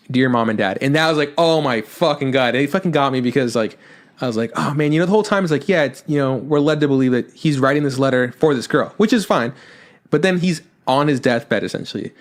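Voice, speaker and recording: A man co-hosting a podcast talks fast and animatedly into his microphone. He retells scenes in casual chat, acts out the quotes and swears freely, at a middle pitch. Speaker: podcast co-host. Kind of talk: casual chat recapping an anime.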